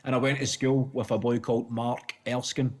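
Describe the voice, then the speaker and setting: A man's voice: mid-range voice, little pitch movement, moderate pace. A Scottish man chatting as a comedian guest, trading laughing, sweary banter. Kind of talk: casual comedic chat. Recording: noisy recording.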